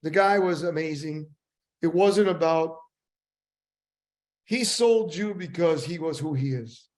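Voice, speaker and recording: An older man, a sales trainer, telling casual stories in a rambling, animated way. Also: on the high side, a little slow. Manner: animated, rambling anecdotes with voice impressions. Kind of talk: casual storytelling.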